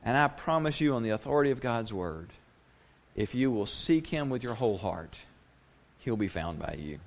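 A man's voice: medium pitch, expressive, moderate pace. A male pastor preaching a sermon in a conversational way, slipping into the voices of the people he quotes.

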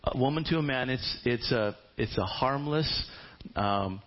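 A male pastor telling a story in a casual, humorous and animated sermon in a church. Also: medium pitch, measured pace, lo-fi sound, slight background noise.

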